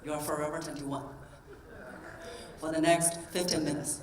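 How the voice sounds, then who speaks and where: A woman voice coach giving a keynote talk to a convention audience, animated and demonstrative, asking the crowd questions. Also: low-pitched, moderate pace. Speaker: voice coach and speaker. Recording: roomy echo from a distance, faint ambience.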